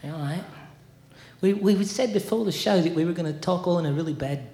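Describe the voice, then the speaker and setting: A woman's voice: on the low side, brisk, warm tone, roomy sound. A woman hosting a casual chat, asking questions and drifting into asides. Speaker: host.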